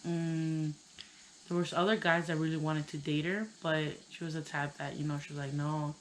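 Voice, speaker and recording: A woman in her thirties telling a personal story on her channel, tearful and halting, with many pauses and fillers. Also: low voice, flat delivery, slight background noise, rough recording. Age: 30s. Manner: hesitant, halting, full of "you know". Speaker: vlogger.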